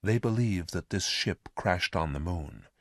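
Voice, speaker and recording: A man voicing a calm, powerful male alien in a storybook reading, speaking quietly and measured. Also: low-pitched, no echo, clean studio sound, full character voice.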